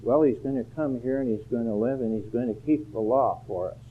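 A man's voice: mid-range voice, a little fast, a little hiss or hum. Earnest preaching man over a tinny line. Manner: earnest, rises to emphatic peaks. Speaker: pastor. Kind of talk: sermon. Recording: phone-like narrow band.

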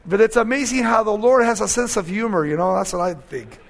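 A man's voice: sits high, brisk, gravelly. An older man with an accent preaching a conversational sermon as pastor, building to emphatic questions. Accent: Spanish-accented English.

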